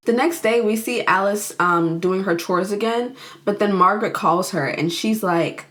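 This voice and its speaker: A young woman talks through a movie's plot in a relaxed, chatty vlog. She giggles easily, fills her sentences with "like", and slips into the characters' voices. Her pitch sits in the middle of the usual range for a woman. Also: moderate pace. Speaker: YouTuber reviewing a film. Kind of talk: casual film recap.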